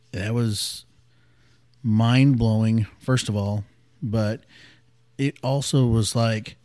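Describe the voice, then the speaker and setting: A man in his late thirties, a podcast host telling a personal story in a candid, reflective way, often dropping to a hushed voice. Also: mid-range voice, dry recording.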